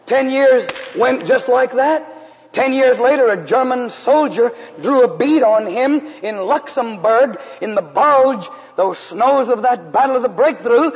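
A man preaching a personal testimony in a sermon, moving from loud, raised lines to hushed, quiet ones. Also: very high voice, husky. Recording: dull lo-fi recording with long hall reverb.

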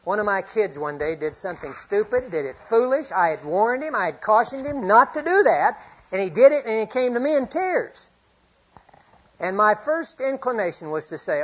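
Husky middle-aged guy preaching, goes loud then real quiet, dull lo-fi sound. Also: high voice, lively intonation, moderate pace. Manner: earnest, swings from loud to hushed; reads scripture aloud often. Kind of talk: sermon. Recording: dull lo-fi recording.

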